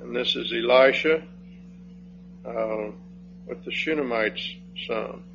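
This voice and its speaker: A man preaching an expository sermon, slow and emphatic, rising on key phrases and dropping low when he reads scripture. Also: vocal fry, a bit bright. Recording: dull lo-fi sound with faint hum.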